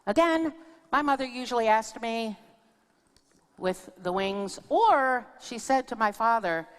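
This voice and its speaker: A woman's voice: on the high side, expressive, unhurried, clear, resonant tone. A woman minister giving a sermon in a church, telling stories in a conversational way and speaking with her audience. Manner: conversational storytelling with audience asides. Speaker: guest minister. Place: church sanctuary. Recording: long reverb of a church hall.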